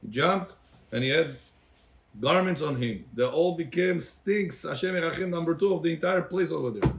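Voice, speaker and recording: A man's voice: a little high, animated, normal speed, noisy background. A rabbi teaching a Torah class to a congregation. He calls on listeners by name, quizzes them, and switches between English and Hebrew phrases.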